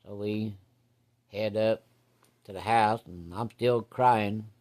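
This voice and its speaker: A man's voice: fairly low pitch, steady tone, slow, darkish tone. A man telling a rambling, plainspoken story from his childhood in casual, salty farm slang.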